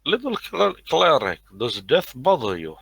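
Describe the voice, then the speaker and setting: A man with a sore throat voicing a brooding tabletop character in a put-on Russian accent, speaking slow and formal. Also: a little high, wildly swooping pitch, creaky, fairly bright tone, breathy edge, no echo, full character voice. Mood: grave.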